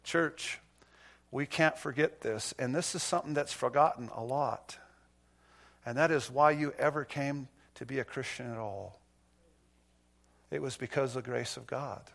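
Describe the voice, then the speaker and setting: With a creaky, mid-range voice at normal speed, a male pastor preaches, leaving long pauses. He drifts from quiet, intimate stretches into loud, emphatic passages, adding anecdotes and light self-deprecating asides.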